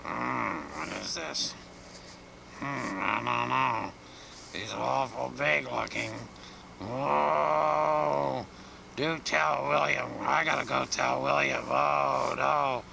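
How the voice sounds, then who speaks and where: A man doing Bruin De Bear, a gravelly bumbling bear. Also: medium pitch, steady tone, bright, forceful tone, a little hiss or hum, full character voice. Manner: slow, wondering, muttering to himself. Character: bumbling, puzzled male bear just woken from hibernation.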